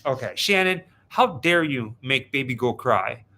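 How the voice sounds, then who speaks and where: Bright, joking man hosting a livestream. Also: medium pitch, lively intonation, unhurried. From Pittsburgh, USA. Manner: joking, teasing, self-deprecating. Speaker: co-host of a livestream watch party. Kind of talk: casual livestream chat. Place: hotel room on the road.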